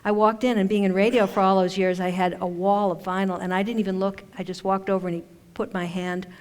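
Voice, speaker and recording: Woman chatting from a conference stage, friendly and joking at herself, middle pitch, big hall echo. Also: level tone, fast talker, a little mellow. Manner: chatty and conversational, with self-deprecating humor. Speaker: conference speaker and author. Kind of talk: informal conference talk. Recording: long hall reverb.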